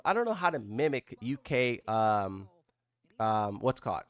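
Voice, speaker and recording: A man's voice: fairly low pitch, big pitch swings, normal speed, no room sound. A man hosting a live stream, chatting casually and rambling with his viewers. His voice jumps up when he is surprised.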